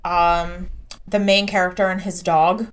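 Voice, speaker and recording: A woman's voice: fairly low pitch, flat delivery, a little slow, a little hiss or hum. A young adult woman co-hosting a podcast, chatting casually and filling her speech with "like". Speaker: podcast co-host. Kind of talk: casual chat.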